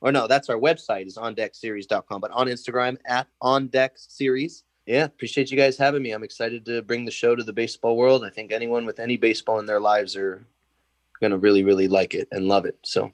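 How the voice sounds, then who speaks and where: A man's voice: medium pitch, fairly quick, no echo. A young man as a podcast guest in casual chat, telling stories and acting out the quotes with a laugh. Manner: animated storyteller, acts out quotes, laughs often.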